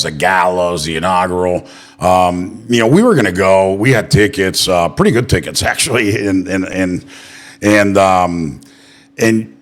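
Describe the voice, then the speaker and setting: A man hosting a political interview show, chatting loosely and telling profane stories with acted-out quotes. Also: sits low. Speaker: podcast host. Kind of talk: casual political interview chat.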